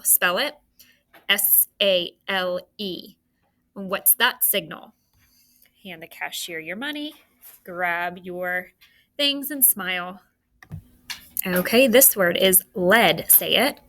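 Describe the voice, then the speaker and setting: A woman teaching a phonics review, slowly prompting children to spell words along with her. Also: mid-range voice, a bit bright. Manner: slow and deliberate, prompting the class to spell along. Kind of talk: slow phonics review lesson.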